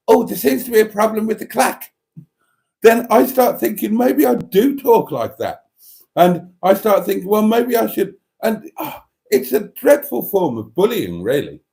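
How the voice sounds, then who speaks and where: A man's voice: high-pitched, wildly swooping pitch, moderate pace, mellow. A man hosting a casual livestream, reading viewer comments aloud and rambling with dry, self-mocking humour. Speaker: livestream host.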